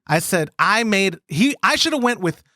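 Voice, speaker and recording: Male podcast host, chatty and animated, swooping pitch, dry close mic. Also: normal speed, dry recording. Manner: animated storytelling with quoted voices. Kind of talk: casual chat.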